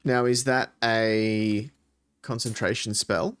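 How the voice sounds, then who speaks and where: A man's voice: lowish voice, steady tone, slow pace, clean tone. Conversational man running a tabletop game. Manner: conversational, asks players for rolls. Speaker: dungeon master.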